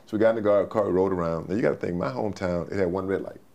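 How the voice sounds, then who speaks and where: Brief: man, 60s, very deep gravelly voice, folksy storyteller. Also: rapid-fire, a little mellow. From Texas, USA. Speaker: guest, former football player. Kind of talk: storytelling interview.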